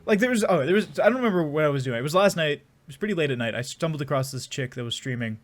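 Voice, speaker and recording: Young man, game streamer, rambling, crude jokes, slightly high voice, faint game music. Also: expressive, racing. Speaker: gaming streamer. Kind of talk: casual let's-play commentary.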